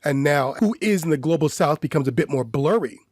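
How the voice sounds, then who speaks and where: A man co-hosting a podcast, laying out an academic argument in a measured, lecturing way through strings of questions. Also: fairly high pitch, animated, darkish tone, no room sound, clean studio sound. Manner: measured, lecturing, builds points in lists of questions. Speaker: podcast co-host. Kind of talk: academic discussion.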